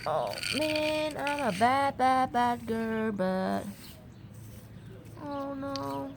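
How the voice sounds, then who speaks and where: Slow-talking chatty woman in her yard. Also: high-pitched, expressive, creaky, background noise. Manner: chatty, keeps apologizing, simple broken English. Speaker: vlogger and mother. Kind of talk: casual vlog chat.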